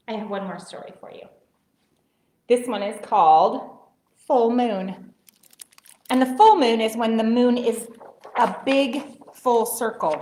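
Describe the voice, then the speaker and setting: Librarian lady reading a bedtime-ish picture book to kids, slow and gentle, cheery, bit of room echo. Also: a little high. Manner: cheerful and encouraging with young listeners. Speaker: children's librarian. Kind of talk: story time reading aloud to children.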